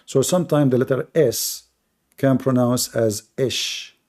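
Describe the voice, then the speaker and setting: A man's voice: mid-range voice, unhurried, a little mellow. A man hosting a live religious debate, emphatic and repetitive, with many hesitations. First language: Arabic. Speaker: debate host.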